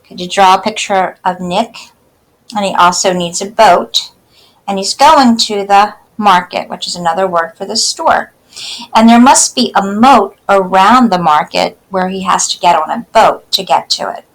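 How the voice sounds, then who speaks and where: A woman teacher giving a phonics lesson to young children, speaking slowly and sounding out each word part clearly. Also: medium pitch, a bit bright, low-quality recording. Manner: slow, carefully enunciated, sounding out word parts.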